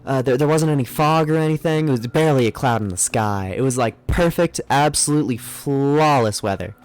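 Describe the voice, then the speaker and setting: A young man streams a game live, rambling, muttering to himself, and poking fun at himself as he plays. His voice is mid-range and darkish in tone, and he talks fairly quickly.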